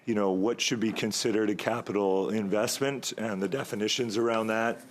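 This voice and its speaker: A man speaking as a member of parliament at a committee, delivering a long, halting floor speech with many pauses and a slightly hoarse voice, at times jabbing at his opponents. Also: fairly low pitch, steady tone. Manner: rambling, halting, stalling for time; argumentative toward opponents.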